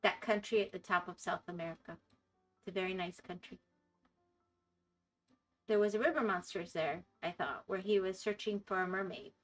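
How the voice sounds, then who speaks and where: A woman's voice: mid-range voice, fairly even intonation, normal speed, pauses often, faint music behind. A woman with a Florida accent chatting casually with her stream chat, laughing often and apologizing when she stumbles over words.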